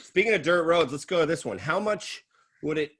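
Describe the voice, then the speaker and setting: A man's voice: fairly high pitch, lively intonation, fairly quick, a bit bright, husky. A male host in a casual interview, easygoing and agreeable, often calling his guest "man". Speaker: podcast host.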